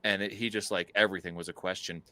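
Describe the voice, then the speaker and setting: A man co-hosting a podcast, telling a travel story in a casual, animated way, full of fillers and laughs. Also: deep voice, quick pace, clean tone, no echo. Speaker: podcast co-host.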